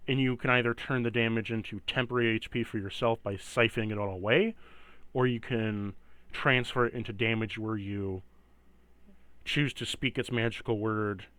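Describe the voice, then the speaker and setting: A man's voice: medium pitch, steady tone, moderate pace, fairly bright tone, clean tone, dry recording. A man running a tabletop game as game master, explaining items in a loose, rambling way with many fillers.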